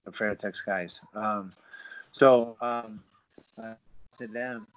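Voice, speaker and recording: Speaking slowly in a lowish, steady voice, this middle-aged man is a podcast guest and former professional fighter. He tells his story casually yet animatedly, performing the quotes and using plenty of fillers, all captured on a dull, lo-fi recording.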